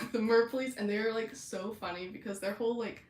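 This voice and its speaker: A woman's voice: fairly high pitch, fairly even intonation, normal speed. Bubbly giggly woman in a roomy space. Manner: bubbly, giggly, lots of fillers. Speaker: podcast host. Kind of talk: casual chat.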